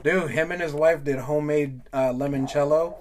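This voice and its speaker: Animated young man telling slangy stories. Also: fairly high pitch, normal speed, a little hiss or hum. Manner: animated storyteller, loose slangy swearing, acts out quotes. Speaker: podcast co-host. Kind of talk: casual chat.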